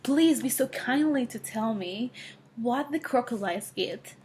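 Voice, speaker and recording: A woman's voice: on the high side, expressive, a little slow, a little mellow, a little hiss or hum. A woman voicing a curious, polite young elephant in a storybook retelling, asking eager questions. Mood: politely curious.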